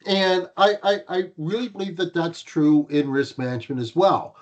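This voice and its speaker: This podcast co-host has a voice on the high side, with fairly even intonation and a normal speed. His casual chat is wry and bantering, with repeated starts for emphasis, captured in muffled lo-fi audio.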